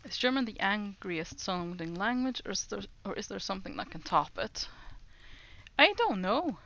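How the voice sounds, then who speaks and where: A woman streamer chatting casually with her viewers as she practices French, repeating phrases slowly, giggling and greeting chat brightly. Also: medium pitch, slight background noise.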